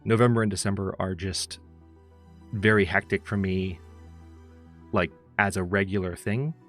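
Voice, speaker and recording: Chatty low-voiced man streaming. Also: steady tone, normal speed. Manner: rambling, chatty, greets chat by name. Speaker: streamer host. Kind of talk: casual livestream chat. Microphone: close studio mic. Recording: faint music behind.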